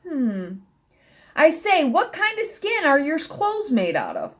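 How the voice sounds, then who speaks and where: A kindly little lady sparrow from a storybook, chirping and chuckling as she fusses over a small friend, as a woman reader puts her on. Her voice sits high and bounces up and down a great deal. Her lines come out slow and careful. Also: wildly swooping pitch, fairly bright tone, heavily acted. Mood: chirpy. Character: kindly chatty female sparrow, small bird.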